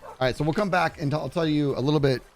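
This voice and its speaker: A man streaming a game live, telling excitable stories to his chat and narrating his play, his voice turning growly when he gets loud. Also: fairly high pitch, very fast, soft background music. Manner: excitable storyteller, talks to chat while playing.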